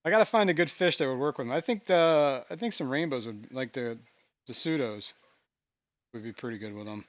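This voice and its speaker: A man hosting a casual live stream from his fish room, talking in a relaxed, rambling way with frequent chuckles. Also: medium pitch, fairly quick, dull audio. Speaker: aquarium stream host.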